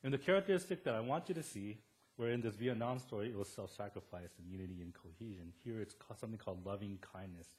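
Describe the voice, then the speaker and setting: A man preaching a sermon as a pastor in a church. He retells a Bible story in a lively way and acts out the characters' words in a raised voice. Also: lowish voice, quick pace. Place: church sanctuary.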